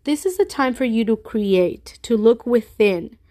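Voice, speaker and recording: A woman's voice: a little high, big pitch swings, a little slow, mellow. Stuffy-nosed woman, earnest and reassuring. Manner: reassuring, earnest, speaks to listeners directly. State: stuffy, congested. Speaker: podcast host. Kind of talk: casual solo talk.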